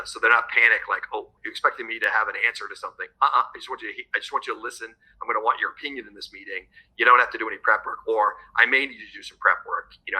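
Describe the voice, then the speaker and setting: A man's voice: on the low side, pushed and bright, husky, low-quality recording. A man co-hosting a business podcast, reflecting on his own work habits. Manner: fast, reflective, shares personal practices. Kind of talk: podcast conversation.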